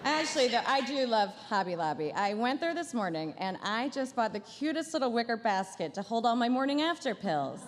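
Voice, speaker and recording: A woman's voice: fairly high pitch, sing-song, brisk, few pauses, big-room sound, background noise. A woman comedian doing a stand-up roast at a banquet dinner, with a dry, sarcastic delivery and playful asides. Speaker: comedian headlining a gala dinner. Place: large banquet hall.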